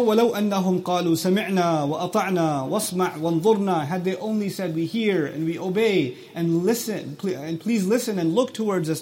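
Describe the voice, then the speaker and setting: A man's voice: sits high, darkish tone, husky. A man lecturing on scripture, explaining words and quoting short Arabic passages, who asks his listeners questions and acts out quoted speech. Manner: recites Arabic quickly between English explanations. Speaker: Quran teacher.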